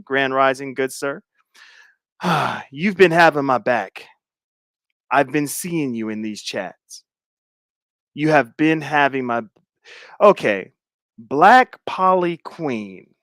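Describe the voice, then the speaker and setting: A man's voice: medium pitch, a bit bright, no echo, studio quality. A middle-aged man hosting a livestream, chatting casually with viewers in a playful, teasing way and laughing often. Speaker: livestream host. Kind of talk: casual chat reading viewer comments.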